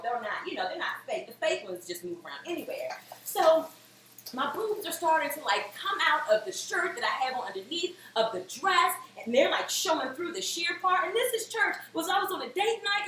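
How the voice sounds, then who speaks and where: A woman in her thirties hosting a home cooking show, telling a comic story in a chatty, animated way while she cooks. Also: on the high side. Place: home kitchen. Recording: echoey room, mic at a distance, faint noise.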